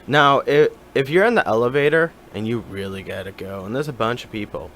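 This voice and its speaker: A man co-hosting a podcast, talking in an easygoing, steady way in casual chat. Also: medium pitch, fairly quick, slight background noise. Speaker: podcast co-host.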